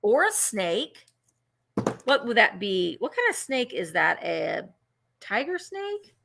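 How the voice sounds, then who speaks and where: Lively chatty woman with a bright gravelly voice. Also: medium pitch, slow pace, background noise. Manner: chatty, counts down bids aloud. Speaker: live sale host. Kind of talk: casual live-stream selling chat.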